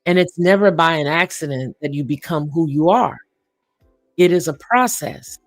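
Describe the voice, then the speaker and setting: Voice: mid-range voice, expressive, moderate pace, dry recording, faint music behind. Reflective live-stream host telling a story. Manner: reflective, chuckling, filler-heavy.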